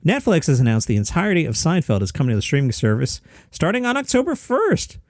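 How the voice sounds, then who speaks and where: A man doing an angry, indignant impression of a comedian while reading out news items in a strained, high voice. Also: wildly swooping pitch, quick pace, darkish tone, no room sound, studio quality.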